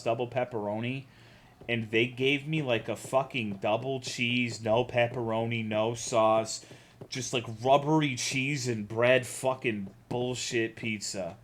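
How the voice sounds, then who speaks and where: A man's voice: medium pitch, a bit bright. A young American man streaming a game, chatting casually and ranting with lots of swearing while reading chat aloud. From United States.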